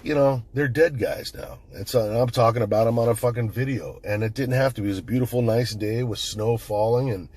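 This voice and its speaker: Husky, swearing middle-aged man. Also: lowish voice, steady tone, fast, hardly any pauses, darkish tone. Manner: blunt, swears constantly, storytelling. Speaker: channel host. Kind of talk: profane casual monologue.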